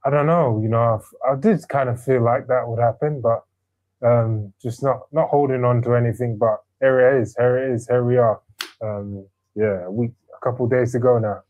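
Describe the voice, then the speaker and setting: A man, a boxer, answering interview questions in short, low-key replies. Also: fairly even intonation, moderate pace, darkish tone, dull audio. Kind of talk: pre-fight interview.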